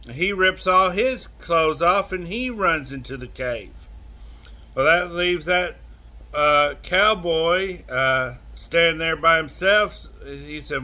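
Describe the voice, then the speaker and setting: A man telling a joke in a slow, drawn-out way, pausing often with "uh". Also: on the high side, bright, forceful tone. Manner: slow, drawn-out delivery full of "uh" pauses. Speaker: joke teller.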